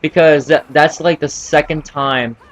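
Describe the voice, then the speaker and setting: A man's voice: a little high, fairly even intonation, a little slow. A teenage boy casually telling a story from school, rambling with many fillers and restarts. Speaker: vlogger.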